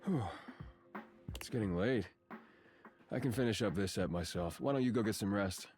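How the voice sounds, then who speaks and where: A man plays a gruff, guarded handyman in a video game, his voice very low and grounded. He speaks tersely and drily, giving little away. Music plays clearly underneath. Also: moderate pace, lightly acted. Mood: gruff, dry. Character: gruff adult male handyman, dry and guarded. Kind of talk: game voice acting.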